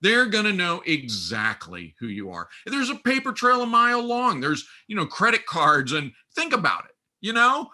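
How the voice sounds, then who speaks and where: A man telling stories as a podcast guest, his voice bright and forceful with a tense edge. His pitch leaps all over the place as he acts out the people in each story. Energetic, animated delivery into a podcast microphone. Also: normal speed, few pauses. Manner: lively, acts out quoted voices with big pitch swings. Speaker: guest, runs a training school.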